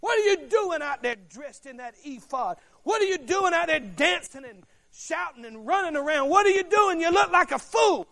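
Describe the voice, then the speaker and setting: A man voicing a scornful royal wife who shouts at her dancing husband. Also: very high-pitched, expressive, moderate pace, hardly any pauses, voice pushed up, exaggerated voice. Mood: scornful shouting. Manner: shouting, indignant.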